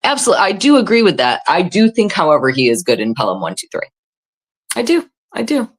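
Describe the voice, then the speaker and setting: A woman's voice: on the low side, wildly swooping pitch, fast talker, husky. A woman hosting a casual livestream, reading chat comments aloud and chatting in a self-deprecating, filler-heavy way. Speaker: livestream host.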